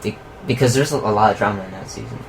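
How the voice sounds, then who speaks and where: A young man in casual movie commentary chat, relaxed and teasing, firing off quick questions. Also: on the low side, vocal fry. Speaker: co-host. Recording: noisy room recording.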